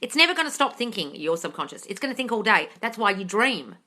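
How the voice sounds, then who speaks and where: A woman coach runs a live question-and-answer stream, talking bluntly and swearing freely. Her voice is bright and sharp, at a middle pitch for a woman, and she drives each point home with firm emphasis. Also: sing-song, fast talker. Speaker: manifestation coach hosting a live Q&A. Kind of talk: casual live Q&A, answering viewer comments. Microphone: phone or computer mic for a live stream.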